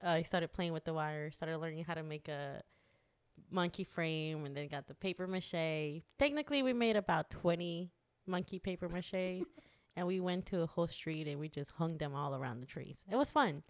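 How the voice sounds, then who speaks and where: A woman with a slightly low voice, chatting casually and rambling through her stories. She laughs often and talks warmly about her experiences. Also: moderate pace. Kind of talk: casual chat.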